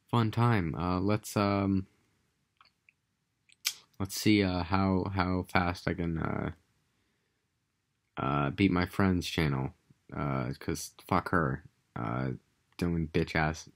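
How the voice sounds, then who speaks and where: Very deep gravelly young man rambling. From United States. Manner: crude, meandering, full of filler and restarts. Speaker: vlogger. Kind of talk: rambling casual monologue.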